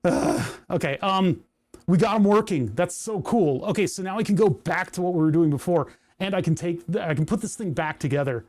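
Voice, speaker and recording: A man's voice: high voice, a little fast, a little mellow. Chatty man thinking aloud on a livestream. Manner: rambling, self-mocking, thinks aloud. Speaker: livestream host. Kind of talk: casual live coding chat. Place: home workshop.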